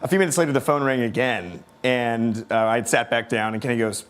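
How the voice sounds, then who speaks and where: Guy telling an interview story, trips over words, laughs a lot, mid pitch, faint hiss. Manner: halting, laughing, many fillers. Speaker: interview guest. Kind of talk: casual storytelling.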